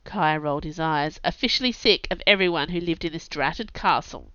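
Woman author reading her story on her podcast, low-ish but bright voice, dry close lo-fi sound. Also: normal speed, few pauses, dry recording. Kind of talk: scripted audiobook narration. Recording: dull lo-fi sound.

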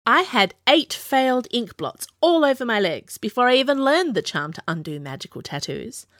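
A woman plays a wild-haired young princess who is bossy and full of herself. She talks briskly, her voice rising and falling freely. The recording is close and dry. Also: a little high, very animated, a bit bright, no room sound, voice pushed up. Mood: sharp. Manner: brisk, self-assured. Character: bold, bossy young princess, spirited and teasing.

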